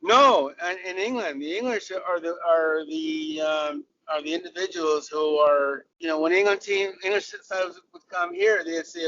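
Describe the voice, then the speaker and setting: An older former cricketer from Southern California, USA, with an American accent, tells stories casually as an interview guest, restarting phrases and laughing. His fairly high voice is bright and forceful, at a moderate pace with few pauses. The sound is dull, he is far from the mic, and there is slight background noise.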